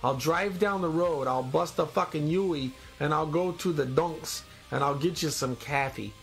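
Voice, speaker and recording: A man's voice: a little high, moderate pace, gravelly, faint music behind. A man with a stuffy nose hosting a casual live stream, joking and rambling as he reads out viewer comments. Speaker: live-stream host in demon costume.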